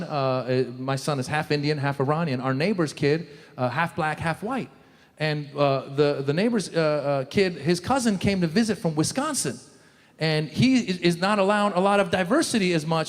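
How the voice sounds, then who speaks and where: High-voiced man doing animated stand-up. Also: long reverb tail. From Iran. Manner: animated, loud punchlines with shouted quoted lines. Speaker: stand-up comedian. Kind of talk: stand-up comedy set. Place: comedy stage before a live audience.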